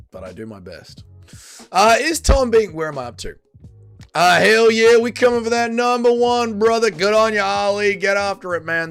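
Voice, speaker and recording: A young man hosting a casual livestream, reading chat aloud, swinging between loud bursts and low mumbles.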